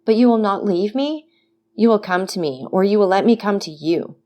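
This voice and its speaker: A woman's voice: mid-range voice, expressive, moderate pace, warm tone, close to an everyday voice. A woman voicing a desperate young male prisoner who pleads fervently. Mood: pleading. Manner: fervent, imploring.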